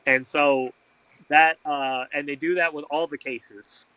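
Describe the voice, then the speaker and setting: Bright-voiced man telling a story. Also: on the high side, takes it slowly, dry recording, poor audio. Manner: animated, acts out quoted people. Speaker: interview guest. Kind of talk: storytelling in conversation.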